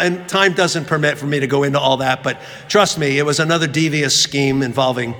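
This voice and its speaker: A man's voice: a little high, brisk, few pauses, pushed and bright. A man giving a sermon, telling a funny story and acting out the voices of the people in it. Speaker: preacher. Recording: long reverb of a large hall.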